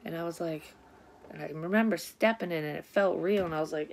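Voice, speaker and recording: Low-voiced lady doing a psychic reading, swears a lot, rambly, faint hiss behind. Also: fairly quick, vocal fry. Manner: blunt, profane, rambling. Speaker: psychic reader. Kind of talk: casual tarot-style reading.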